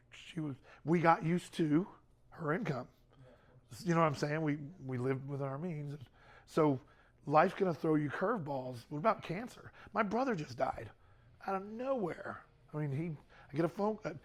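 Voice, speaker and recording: A middle-aged man speaking to a youth group in a casual, conversational way, often repeating words and using fillers. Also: fairly high pitch.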